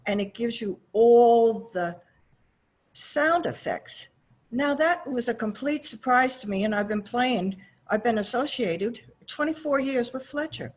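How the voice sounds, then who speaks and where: A woman speaks up on a video call to give the class her advice. Her voice is husky and breathy at a middling pitch. She talks very slowly, halting and restarting as she goes. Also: animated. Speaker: class participant. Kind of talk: call-in comment.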